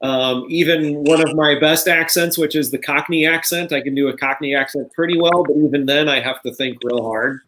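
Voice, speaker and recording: A man's voice: fairly high pitch, normal speed, few pauses, fairly bright tone, a little hiss or hum. A man hosting a casual online cast reunion, friendly and often repeating words as he restarts a sentence. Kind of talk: casual interviewing chat.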